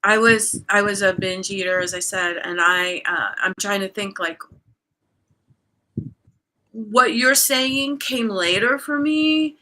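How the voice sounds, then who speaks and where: A woman's voice: medium pitch, slow pace, pushed and bright. A woman guest speaking as a coach in a casual conversation, candidly telling a personal story with plenty of fillers and restarts.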